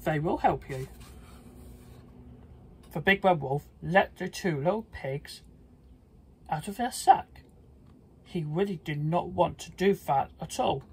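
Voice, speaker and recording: Read-aloud host, very breathy, unhurried, slips on words. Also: mid-range voice. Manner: slow, halting with small slips. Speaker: storybook reader.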